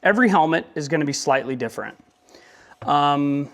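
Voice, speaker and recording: A man's voice: fairly high pitch, expressive, normal speed, fairly bright tone. A young man talking casually in a motorcycle vlog, rambling with joking asides. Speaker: motovlogger.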